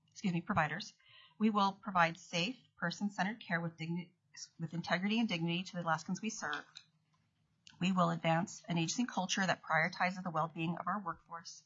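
Woman, quick formal testimony, slightly low voice, dull lo-fi hearing audio. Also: fairly bright tone, breathy edge. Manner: reads steadily, corrects small slips. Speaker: acting state commissioner testifying. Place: legislative hearing room.

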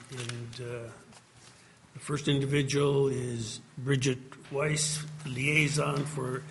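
Man chairing a committee, monotone procedural delivery, faint hiss and clicks. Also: mid-range voice. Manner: procedural and flat. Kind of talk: chairing a hearing.

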